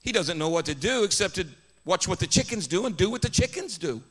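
A man preaching a sermon as a guest preacher, telling a story and swinging from quiet narration to shouted praise. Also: high-pitched, lively intonation, brisk.

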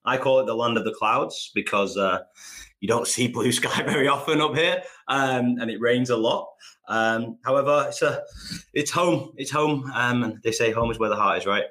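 A man's voice: mid-range voice, normal speed, pushed and bright. A man from England with a northern English accent, a podcast guest talking in a friendly, reflective way. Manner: friendly, reflective, calls people mate. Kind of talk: conversational interview.

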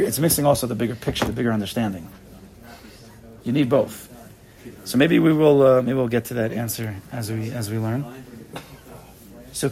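Guy giving a casual torah class, voice jumps up and down a lot, acts out little back-and-forths. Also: mid-range voice. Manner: animated, acts out little dialogues, frequent repeats.

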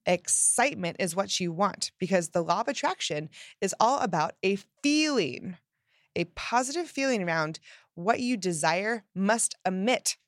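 A young adult woman hosting a self-help talk, speaking in an energetic, emphatic way and acting out the voices in her listeners' heads. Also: medium pitch, dry recording, studio quality. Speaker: self-help podcast host.

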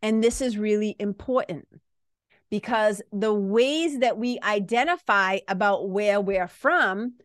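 A woman's voice: mid-range voice, measured pace, no room sound, studio quality. A woman from Massachusetts with a Boston accent, hosting a podcast in a candid, rambling casual monologue with some swearing. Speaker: podcast host.

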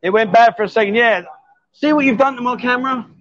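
A man's voice: very high-pitched, fast talker, a bit bright, muffled recording. A man hosting a live stream from a bar, joking and teasing his guests in casual banter. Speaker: host.

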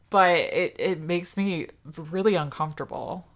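Chatty, lower-voiced woman podcast co-host. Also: measured pace, crowd noise. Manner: laughs easily, chatty. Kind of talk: casual chat.

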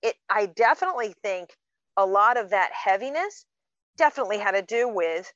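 A woman's voice: medium pitch, lively intonation, normal speed, a bit bright, no room sound. A woman in her fifties chats casually on a podcast, telling her stories with lots of ums. Her voice sits in an ordinary middle range. The recording is muffled and very dry, with no room sound. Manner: chatty storyteller, many fillers. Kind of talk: casual chat.

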